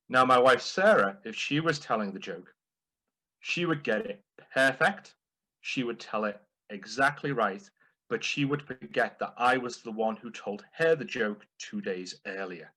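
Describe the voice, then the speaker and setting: A man's voice: medium pitch, sharp tone, poor audio. A man delivering a playful, humorous prepared speech at a speaking club. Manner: playful, deliberate.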